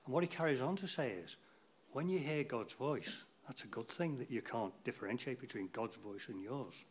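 A man's voice: medium pitch, lively intonation, moderate pace, slight background noise. A man giving an informal, rambling talk to a church group, chatty and losing his place now and then.

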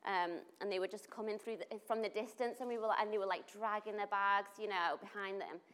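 A woman's voice: mid-range voice, a little fast, clear, resonant tone. A woman tells a story in a loose, chatty way. She leans on fillers like 'like' and 'you know' and brings the moments to life. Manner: animated, full of 'like' and 'you know', acts out quotes. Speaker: volunteer helping refugees. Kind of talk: casual spoken storytelling.

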